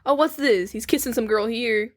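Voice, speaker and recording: Chatty, giggly woman, slightly high voice. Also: normal speed. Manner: chatty, giggly, acts out lines in silly voices. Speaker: podcast co-host. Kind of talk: casual chat.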